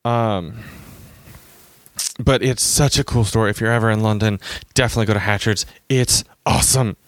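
A man's voice: on the low side, normal speed, no room sound, clean studio sound. A man telling rambling, self-mocking travel stories in a casual chat, acting out the people he quotes.

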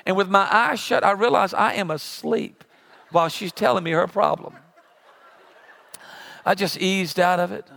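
High-pitched, gravelly-voiced preacher in his forties. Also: moderate pace, long pauses, fairly bright tone. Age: 40s. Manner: humorous storytelling with sound effects. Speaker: pastor. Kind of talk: sermon.

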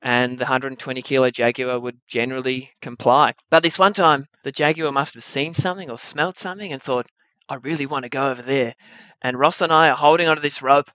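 A young man telling a true adventure story at a live story slam, wry and animated, with comic timing. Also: medium pitch, fairly quick, few pauses, no echo.

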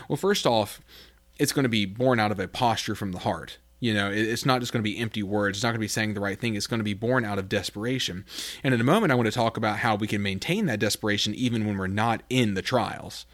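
A man gives a relaxed devotional talk, chatting plainly with fillers between thoughts. When he reads scripture his voice lifts with earnest emphasis. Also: fairly low pitch, quick pace. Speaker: preacher. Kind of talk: informal devotional teaching.

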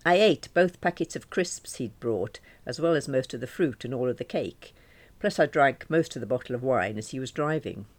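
A woman's voice: extremely low pitch, expressive, moderate pace. Wry woman narrating a diary novel. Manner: wry, self-deprecating, chatty. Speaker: audiobook narrator. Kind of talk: first-person novel narration.

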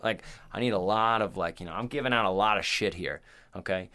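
A man's voice: on the low side, fairly quick, pushed and bright, clear, resonant tone. A man co-hosting a casual podcast chat, bantering in a profane way with slang. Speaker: podcast co-host.

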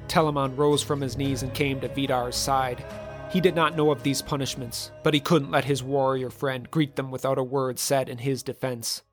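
A man narrating a dramatic legend in a measured, vivid storytelling manner. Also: medium pitch, fairly even intonation, faint music behind.

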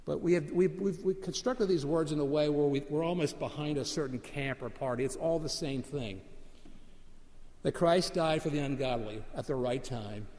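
A middle-aged man preaching a sermon in a conversational storytelling manner, slowing down to repeat key phrases for emphasis. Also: a little high, darkish tone, big-room sound. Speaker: pastor.

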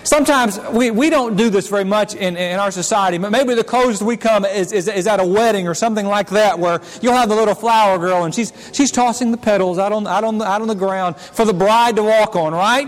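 A man with a very high voice preaches to his congregation, speaking in a casual, conversational way and often doubling back on his words. His voice rings out with a long reverb, as though he is in a big church sanctuary. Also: fast, hardly any pauses. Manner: conversational preaching with frequent restarts and repetitions. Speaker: pastor. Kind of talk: sermon. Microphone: handheld or stand mic. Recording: long reverb of a large hall.

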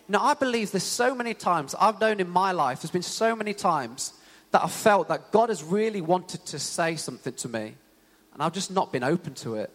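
A high-pitched young man speaking at a moderate pace delivers an animated, conversational sermon in a church hall. He leans heavily on fillers like "you know," and the room's long reverb carries his words.

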